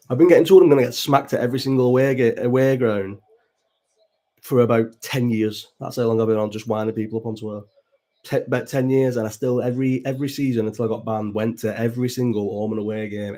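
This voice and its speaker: This livestream host is a man in his thirties from Bolton, England, speaking with a Bolton accent in a medium-pitched, mellow voice. He rambles casually through a watch-along, swears freely and responds to the chat.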